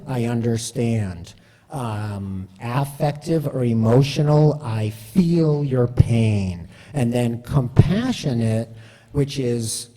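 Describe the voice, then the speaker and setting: A man giving a chatty, animated, self-deprecating storytelling talk. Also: mid-range voice, big-room sound. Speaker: speaker.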